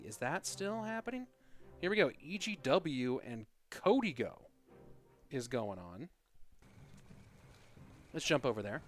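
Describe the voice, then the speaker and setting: A young American man with a slightly higher voice casts a live esports stream. He chats and rambles between plays and gets loud and excited during big moments. Faint music plays softly behind him. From United States. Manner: chatty, rambling, with many fillers; rises to loud excited play-by-play. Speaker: esports caster. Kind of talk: livestream commentary and chat.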